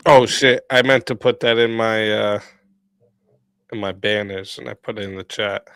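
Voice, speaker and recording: Man, debate host, hoarse, relaxed, laughs often, smooth clear voice, dry sound. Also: on the low side, normal speed, dry recording. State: hoarse, losing his voice. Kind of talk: casual hosting in voice chat.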